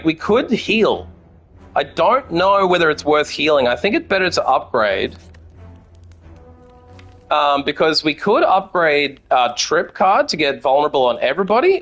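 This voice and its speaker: Playing a card game on stream, this Australian man talks to his chat, chatty and profane throughout his casual commentary. His voice is fairly high-pitched and a bit bright.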